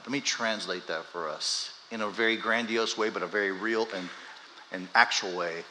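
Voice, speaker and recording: A man preaching a conversational sermon as a pastor, moving from quiet storytelling to loud, emphatic peaks. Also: fairly low pitch, animated, fairly quick, a little hiss or hum. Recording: long hall reverb.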